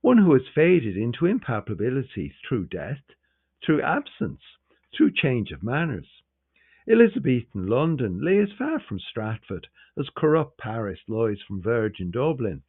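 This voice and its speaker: A man's voice: mid-range voice, measured pace, breathy edge, no echo, voice pushed up, full character voice. A man voicing an intense young male scholar who argues with energy. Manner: energetic, arguing. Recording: tinny, phone-like sound.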